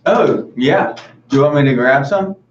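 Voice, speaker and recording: A man's voice: fairly high pitch, lively intonation, normal speed. Giggly kinda shy guy on a video call, far from the mic, echoey and muffled. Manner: upbeat, giggly, a little shy. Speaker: interview guest. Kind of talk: casual interview. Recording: distant, dull, echoey call audio.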